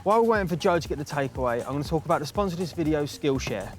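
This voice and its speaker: A man's voice: a little high, animated, racing, loud music behind the voice. A man with an East London accent, a jeweller narrating his vlog in a plain, matter-of-fact way. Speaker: jeweller and channel host.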